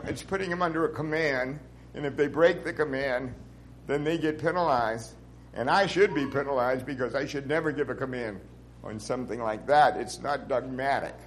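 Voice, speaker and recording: Chuckling priest fielding questions. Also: male voice, mid-range voice, slight background noise, low-quality recording. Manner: chuckling, plain-spoken, self-deprecating. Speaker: Orthodox priest answering questions. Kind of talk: casual Q&A talk.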